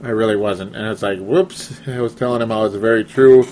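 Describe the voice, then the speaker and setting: A man's voice: fairly low pitch, fairly even intonation, a little fast, darkish tone. A young man hosting a casual sports talk show, rambling and laughing often as he reads listener comments. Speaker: podcast host.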